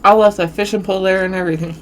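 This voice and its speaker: A woman vlogger casually telling a spooky story while eating, with a runny nose and an animated, drawn-out way of talking. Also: mid-range voice, a little hiss or hum. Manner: animated storytelling with southern-style "y'all". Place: home, eating on camera.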